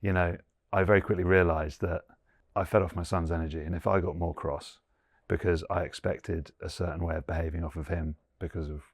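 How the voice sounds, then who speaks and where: A husky, low-pitched English man in his forties, once a rugby player, talks fairly quickly and steadily as a guest in a reflective interview. He thinks aloud earnestly with many fillers, and the studio-quality recording has no room sound.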